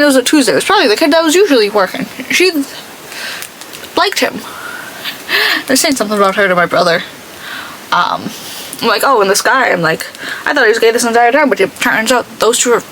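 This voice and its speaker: A young woman tells a rambling story while she does her makeup, her slightly high voice rising and dipping a lot. Her chatty delivery keeps breaking into quoted lines, and a faint hum of room noise sits behind her. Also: fairly bright tone, rough recording. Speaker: beauty vlogger. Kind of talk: casual storytime chat while doing makeup.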